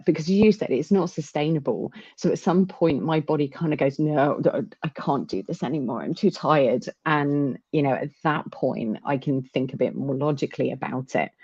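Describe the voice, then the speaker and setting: A woman with a low voice talks openly in a casual chat, stumbling and restarting as she goes. The recording sounds dull and lo-fi. It is also dry, with no room sound. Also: a little mellow, dry recording. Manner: candid, halting, many restarts.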